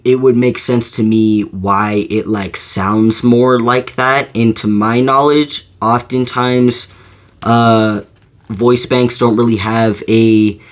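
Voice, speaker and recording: A man giving his opinion in a casual monologue, rambling and hesitant, with lots of fillers and restarts. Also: mid-range voice. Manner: slow, hesitant delivery. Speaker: video creator.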